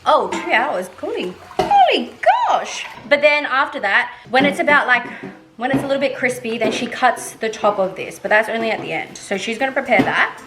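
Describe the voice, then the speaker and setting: A woman's voice: fairly high pitch, fairly quick, echoey room, noisy background. A young woman chatting casually through a vlog from her home kitchen, rambling along with casual slang. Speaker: vlogger.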